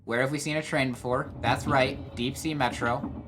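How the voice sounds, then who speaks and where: A man's voice: mid-range voice, fairly even intonation, moderate pace, noisy background. Rambling young man reacting casually. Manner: rambling, thinks aloud with fillers and restarts. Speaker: competitive player reacting to a trailer. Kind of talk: casual video commentary.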